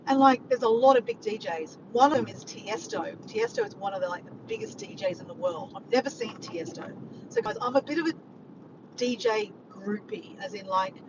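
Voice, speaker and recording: An Australian woman tells stories to her viewers in a chatty, excitable vlog. Her voice sits high and swoops all over as she talks. The audio is dull and lo-fi, with clear background noise underneath. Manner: chatty, excitable, keeps addressing viewers as guys. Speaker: vlogger. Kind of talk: casual chatty vlog storytelling.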